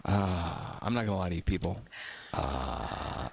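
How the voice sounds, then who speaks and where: A man's voice: deep voice, lively intonation, a little slow, creaky, background noise. A man co-hosting a podcast in casual chat, reading folklore notes aloud, swearing, joking and stumbling over words. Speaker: podcast co-host.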